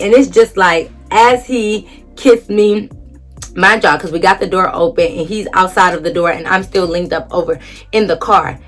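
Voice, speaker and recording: A young woman vlogger telling a dramatic storytime story casually, acting out quotes and swearing freely. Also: lowish voice.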